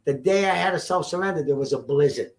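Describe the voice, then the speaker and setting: High-voiced laughing man, echoey room. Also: fast talker. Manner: laughs loudly, tells his own prison tale. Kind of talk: casual chat. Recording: echoey room with faint noise.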